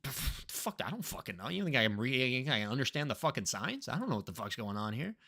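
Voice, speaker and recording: Excitable young man streaming, bright voice. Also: mid-range voice, fast, vocal fry, slightly rough. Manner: excitable, swears a lot, loud outbursts. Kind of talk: live-stream reaction commentary.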